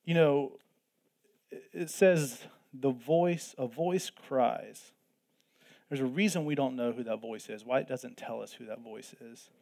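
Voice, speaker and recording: A man's voice: medium pitch, steady tone, moderate pace, vocal fry, a little mellow. A man preaching a sermon in an earnest way, repeating phrases for emphasis. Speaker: pastor.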